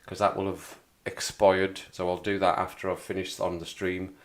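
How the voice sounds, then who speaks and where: West Midlands bloke hosting a chatty live stream, rambling, laughs a lot, lowish voice. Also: male voice, flat delivery, moderate pace. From Wolverhampton area, England. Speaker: livestream host. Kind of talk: casual livestream chat.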